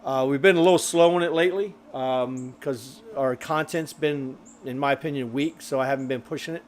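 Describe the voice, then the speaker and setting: A man with a medium-pitched, brisk voice hosts a grilling live stream. He reads viewer comments while chatting in a loose, rambling way, packed with fillers, and sounds a bit out of breath.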